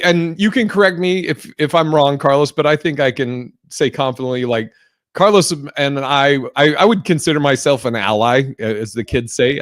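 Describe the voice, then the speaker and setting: A podcast host chats loosely and swears freely, stumbling through fillers and restarts. His voice sits at an ordinary middle pitch, and the sound is dry and close with no room sound at all.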